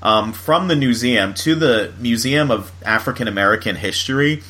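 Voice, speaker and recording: A man's voice: mid-range voice, normal speed, pushed and bright. A man from Florida hosting a podcast, chatting casually and filling his talk with "you know" and "like.". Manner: chatty, full of fillers and laughs. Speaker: podcast host. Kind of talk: casual chat.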